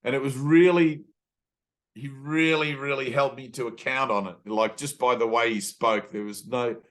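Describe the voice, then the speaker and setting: With a medium-pitched, fairly bright voice, a spiritual teacher talks at a normal speed and with fairly even intonation. His casual talk consists of loose, filler-heavy stories in which he acts out the voices he quotes.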